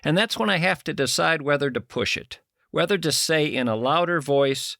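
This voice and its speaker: Host, middle-aged male, wry deadpan monologue, bright edgy tone, occasional bursts. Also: a little high, moderate pace, gravelly, no echo, clean studio sound. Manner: wry, deadpan musing with sudden loud outbursts. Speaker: radio host. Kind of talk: comic monologue.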